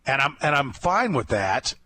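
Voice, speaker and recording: A man hosting a sports talk show, chatting casually as an animated storyteller who rambles and restarts often. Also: mid-range voice, normal speed, a little hiss or hum. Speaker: radio sports host.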